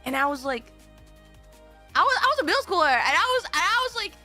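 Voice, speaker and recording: Young woman, high and bright, chatty streamer storyteller, rambling and animated, faint music underneath. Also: fast. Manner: animated, rambling, swears, acts out quotes. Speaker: VTuber streamer.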